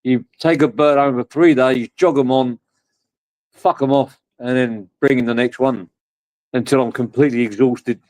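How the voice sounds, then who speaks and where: A man's voice: mid-range voice, steady tone, moderate pace, a little mellow. A middle-aged man from England hosting a casual livestream chat, rambling and joking with crude humour. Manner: rambling, jokey, swears freely. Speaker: livestream host.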